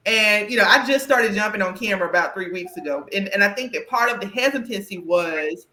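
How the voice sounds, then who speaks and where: A woman with a Southern US country twang, hosting a podcast conversation in an animated, emphatic way that often checks in with "right?". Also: medium pitch, fairly quick, reverberant. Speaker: podcast host and career coach.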